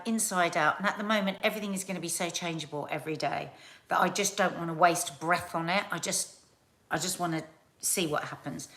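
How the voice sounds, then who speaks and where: Chatty South Londoner rambling on a live stream. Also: female voice, lowish voice. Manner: chatty, rambling, animated storytelling. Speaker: live show host. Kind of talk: casual live-stream chat.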